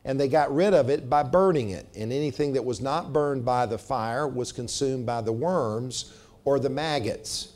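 A middle-aged man preaching a sermon, measured and slowing down to stress scripture. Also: medium pitch, a little mellow. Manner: measured, slows for emphasis on scripture. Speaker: pastor.

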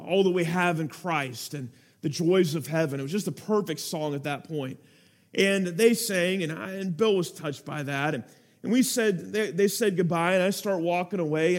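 A man preaching a sermon, telling a story with earnest feeling and building to urgent appeals to his listeners. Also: sits high.

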